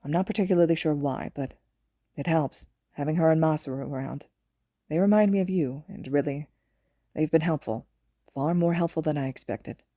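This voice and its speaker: A woman voicing a gentle, halting young father. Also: sits low, dry recording, clean studio sound. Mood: tender. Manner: soft-spoken, halting, affectionate. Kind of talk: podfic reading.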